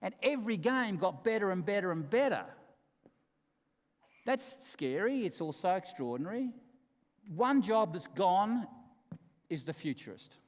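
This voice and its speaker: A man delivering a conference keynote in a fairly high voice. He tells stories with emphasis and humour, then drops into quiet asides. Long reverb from the large hall trails after his words. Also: sing-song, unhurried, pauses often. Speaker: keynote speaker.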